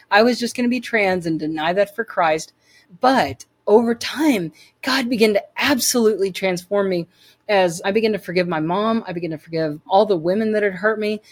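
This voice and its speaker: Earnest woman giving a faith testimony. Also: medium pitch. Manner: earnest and emphatic, repeats phrases for weight. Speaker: interview guest.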